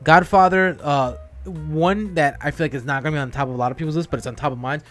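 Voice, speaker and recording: A man's voice: a little high, fairly even intonation, quick pace, a bit bright, faint music behind. A young man co-hosting a casual podcast chat, swearing freely and laughing often. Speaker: podcast co-host.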